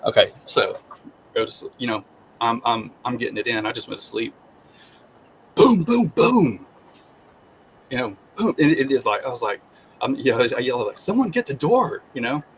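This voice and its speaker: A man of middle pitch tells a personal story in an easy, conversational way. He acts out what people said, and he often circles back and restarts his lines. A faint hiss sits behind his voice. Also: fast, poor audio. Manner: animated, acts out quoted voices, repeats and restarts. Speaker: guest sharing his testimony.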